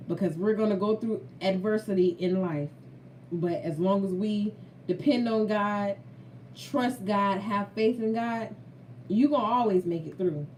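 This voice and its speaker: A woman's voice: mid-range voice, a little slow, a little mellow, distant mic, slight background noise. Earnest woman testifying to viewers, roomy. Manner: earnest, preachy, repeats for emphasis. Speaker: vlogger. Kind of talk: heartfelt faith talk to viewers. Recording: roomy, from off-mic.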